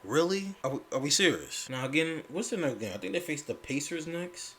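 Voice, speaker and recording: A man's voice: fairly high pitch, expressive, brisk, bright, forceful tone, husky. A man ranting about basketball in a casual, profane commentary, firing rhetorical questions in exasperation.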